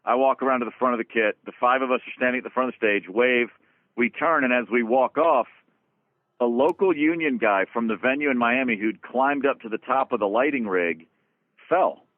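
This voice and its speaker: A man's voice: mid-range voice, brisk, no room sound, narrow, tinny audio. Guy rambling through tour stories, lots of restarts and cussing, sounds like it's coming through a phone, no room sound at all. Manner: animated, swears freely, stumbles and restarts. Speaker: guest musician, drummer. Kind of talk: casual storytelling interview.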